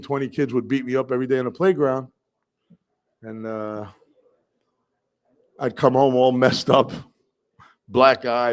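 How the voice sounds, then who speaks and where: A medium-pitched, middle-aged man from New York City tells a personal story in a vivid, animated way, imitating voices and breaking into shouts.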